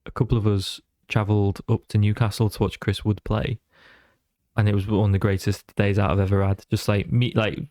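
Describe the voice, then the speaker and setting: Chatty man telling animated stories. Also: on the low side, brisk, no echo, clean studio sound. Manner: animated storyteller who slips into voices. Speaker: podcast guest. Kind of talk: casual chat.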